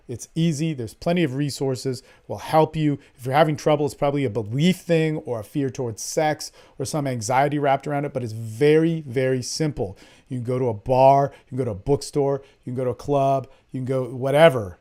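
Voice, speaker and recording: A man coaching other men in a casual unscripted monologue, blunt and profane, swinging from loud emphasis to low, intimate tones. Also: moderate pace. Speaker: men's dating coach.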